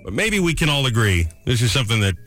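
A man hosting a morning radio show, bantering and ranting in a joking, lively way. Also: mid-range voice, fast talker, soft background music.

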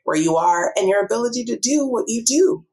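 A woman guest on a podcast, an author and speaker, talking earnestly and acting out what she tells herself in lively asides. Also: fairly high pitch, brisk. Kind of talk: casual interview chat.

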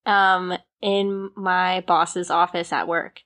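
A woman's voice: on the low side, little pitch movement, takes it slowly, a bit bright. A young woman chatting casually as a co-host, telling stories with frequent giggles and "like" fillers. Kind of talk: casual chat.

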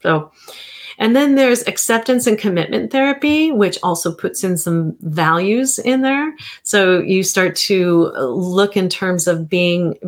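A woman therapist in her fifties talks in a relaxed livestream chat, her voice sitting a little low. She rambles, restarts her sentences and slips in soft chuckles as she goes. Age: 50s. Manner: rambling, self-correcting, chuckling.

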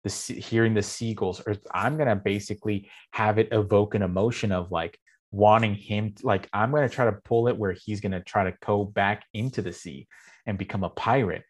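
Rambling, animated man chatting. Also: on the low side, brisk. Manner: rambling, animated storyteller with many fillers. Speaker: game master and guest. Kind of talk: casual podcast chat.

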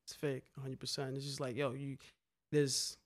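A young man telling graffiti stories in casual chat, animated and slangy, swearing freely. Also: mid-range voice, moderate pace. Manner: animated, slangy, swears a lot, repeats "a hundred percent".

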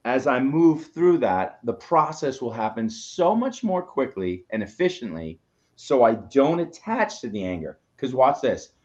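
A man's voice: mid-range voice, big pitch swings, a little slow, darkish tone. Emphatic man coaching on a dull line. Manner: emphatic, preachy, swears. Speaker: co-host, coach. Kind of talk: motivational live show talk.

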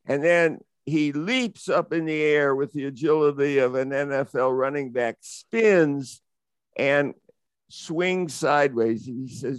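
A man's voice: a little high, slow, pauses often, clear, resonant tone, no room sound. A middle-aged man from the United States, vividly and reflectively telling an adventure story as an interview guest. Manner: vivid, reflective, rising into excitement. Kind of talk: animated adventure anecdote.

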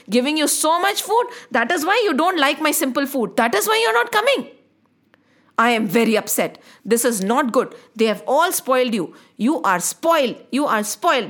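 A devoted young girl scolds and coaxes in turn, her high voice swooping up and down, as a woman storyteller acts her out. She speaks in a lively storybook telling.

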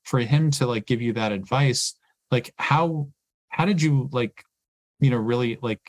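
A man's voice: medium pitch, measured pace, no room sound. A man hosting a podcast interview, asking long questions full of fillers. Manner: rambling, many fillers. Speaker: podcast host. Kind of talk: casual interview.

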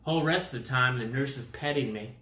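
A man's voice: mid-range voice, fairly quick, fairly bright tone, roomy sound. A man telling a rambling comic story to camera, with goofy exaggeration and made-up words. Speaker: vlogger.

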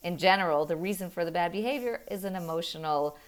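A middle-aged mother talks through her approach to discipline in an earnest, lively way. Her voice sits a little low, and she slips quick laughs into her stories. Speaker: parenting guest. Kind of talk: conversational explaining.

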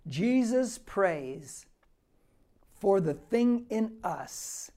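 Male pastor, mellow tone, casual verse-by-verse preaching, emphatic with hushed slow beats. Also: sits high, animated. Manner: conversational, emphatic, slows and drops to near whisper for key points; clears throat often, frequent restarts. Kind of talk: verse-by-verse Bible teaching sermon.

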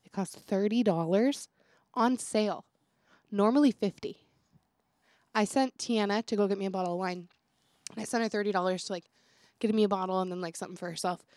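A woman's voice: mid-range voice, a little fast, long pauses, a little mellow, no room sound. A young woman co-hosting a podcast in casual chat, laughing often as she talks. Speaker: podcast co-host.

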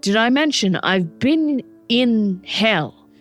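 A woman's voice: on the high side, lively intonation, slow, soft background music, pitched above the performer's own voice. A woman voicing a chatty, self-absorbed male minotaur in a tabletop game. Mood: rambling. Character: long-suffering male minotaur, rambling and chatty.

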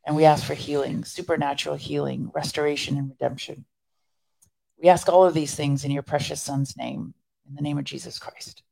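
A woman's voice: sits low, little pitch movement, a little fast, creaky, mellow. A woman co-hosting a faith podcast, chatting earnestly and leading a prayer. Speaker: podcast co-host. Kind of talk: casual chat and spoken prayer.

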